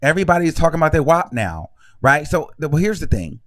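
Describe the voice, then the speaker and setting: Brief: high-pitched male gossip host, sassy and outspoken, dry close sound. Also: very animated, quick pace, no room sound. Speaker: celebrity gossip commentator. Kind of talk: casual commentary vlog.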